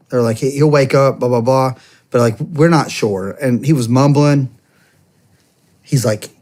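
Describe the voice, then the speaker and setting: A man's voice: medium pitch, a little mellow. Earnest man recounting a family ordeal. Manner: acts out the quoted speech of others while telling the story; earnest and conversational, with repeated restarts. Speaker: podcast guest, former police officer. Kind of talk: emotional personal storytelling.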